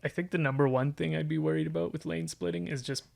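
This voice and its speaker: A man's voice: on the high side, fairly even intonation, fast talker, gravelly, darkish tone. A young man chatting as a guest, rambling with lots of "like" fillers. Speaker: podcast guest. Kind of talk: casual chat.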